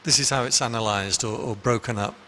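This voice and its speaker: Bright-voiced monk giving a dharma talk. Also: male voice, medium pitch, brisk, in a large hall, a little hiss or hum. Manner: conversational, anecdotal, with frequent restarts. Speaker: Buddhist monk teacher. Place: meditation hall.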